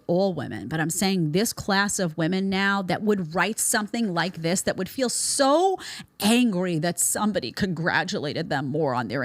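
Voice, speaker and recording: A woman's voice: medium pitch, no room sound. A woman host giving a blunt, sarcastic commentary monologue, mocking the people she talks about with put-on voices. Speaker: show host.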